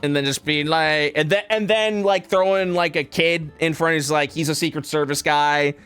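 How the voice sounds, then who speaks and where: A man's voice: fairly high pitch, steady tone, normal speed, a bit bright, smooth, faint music behind. A man co-hosting a casual podcast, ranting and swearing a lot and repeating himself. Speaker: podcast co-host.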